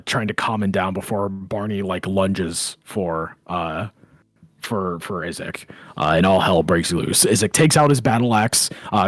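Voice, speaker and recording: Low, husky game master narrating. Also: male voice, no echo. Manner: halting, filler-heavy narration.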